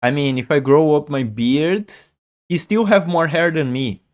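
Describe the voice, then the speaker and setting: A man's voice: on the high side, unhurried. A man, chatting casually on a chess stream, thinking aloud and repeating himself. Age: 40s. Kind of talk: casual live-stream chat.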